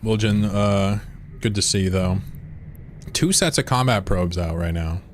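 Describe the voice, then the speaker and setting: A man with a low voice talks loosely to his stream chat while he plays. He rambles from one thing to the next and swears freely. It sounds like he is at a desk mic in a room at home. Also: a little slow, a little hiss or hum. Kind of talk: casual live-stream chat while gaming.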